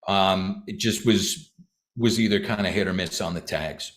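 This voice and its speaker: A man with a somewhat low voice judges a contestant. He speaks haltingly, stopping often on uhs and ums as he gathers his thoughts. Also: fairly bright tone. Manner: halting, hesitant with many uhs. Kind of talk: casual critique.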